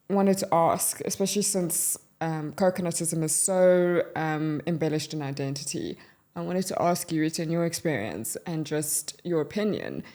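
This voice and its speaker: A woman's voice: low voice, mellow. A woman from South Africa hosting a podcast, asking questions and chiming in with short, encouraging remarks. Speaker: podcast host. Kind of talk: casual podcast interview.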